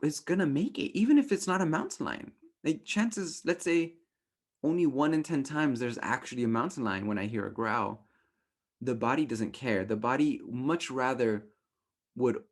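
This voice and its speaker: A young adult man teaching a relationship workshop in a casual, animated way, often acting out quoted thoughts in playful voices. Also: mid-range voice.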